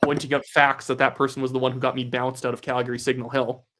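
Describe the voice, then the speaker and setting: A man's voice: mid-range voice, level tone, fast, fairly bright tone. A young man in the middle of his range, talking loosely through live election-night commentary. He reads viewers' messages aloud and answers them off the cuff. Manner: casual, reads viewer donations aloud and reacts. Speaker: livestream host.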